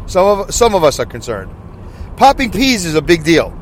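Excitable rambling podcast man. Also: a little high, normal speed, a little hiss or hum. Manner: excitable, rambling, loud, with many asides. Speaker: podcast host. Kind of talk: casual solo podcast rambling. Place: in his car.

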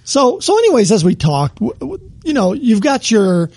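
A man with a high, gravelly voice asks rambling questions in a relaxed chat, often restarting mid-thought. His pitch moves a lot, and the recording is dry and close. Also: normal speed, dry recording. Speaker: podcast co-host. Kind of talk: casual chat.

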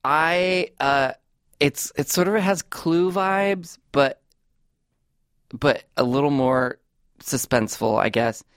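A man hosting a comedy podcast, chatting in a rambling, animated way on a close studio mic. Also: on the high side, slow pace, clear, resonant tone, no echo. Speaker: podcast host. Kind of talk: casual comedic chat.

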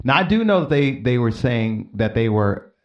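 A man co-hosting a podcast, talking in a laid-back way with a lively, varied pitch. Drops dry wisecracks into the chat. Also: moderate pace, highs cut off. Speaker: podcast co-host. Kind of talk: casual chat.

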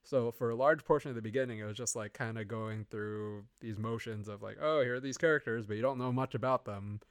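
A man's voice: medium pitch, a little fast, smooth, dry recording. Chatty man rambling, dry close mic. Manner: rambling, lots of "you know" and restarts. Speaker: podcast co-host. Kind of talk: casual movie review chat. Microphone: remote call microphone.

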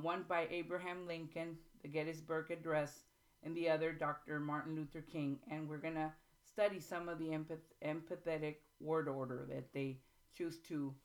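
A woman hosting a writing workshop, explaining in an informal, halting way with frequent pauses and restarts, and reading passages aloud slowly. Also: sits low. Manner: reads excerpts aloud slowly. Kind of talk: informal teaching talk.

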